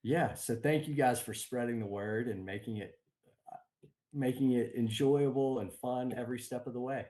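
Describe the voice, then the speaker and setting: A man's voice: medium pitch, moderate pace. Easygoing game company guy on a video call, upbeat, lots of ums, medium voice. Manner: upbeat, relaxed, with many ums. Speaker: board game company guest. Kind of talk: casual interview chat. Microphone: remote video call.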